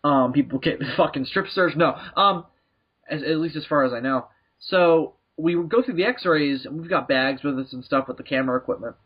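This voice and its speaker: A man's voice: fairly high pitch, moderate pace, husky. A man hosting a comedy podcast, telling a rambling, profane story and acting out the people in it. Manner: profane, laughing, acts out people in stories. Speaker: podcast host. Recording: muffled lo-fi podcast recording.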